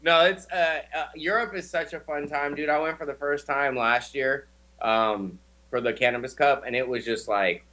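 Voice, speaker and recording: A young man hosting a casual chat, telling stories in a slangy, swearing, animated way. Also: on the high side, moderate pace. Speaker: show host.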